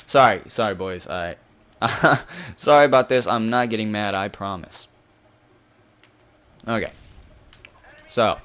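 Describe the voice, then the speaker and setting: A young man hosting a gaming channel, giving live commentary over his own match, shifting between calm explanation and sudden cursing outbursts. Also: fairly low pitch, slow, pauses often. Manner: frustrated, swearing, swinging between calm and outbursts.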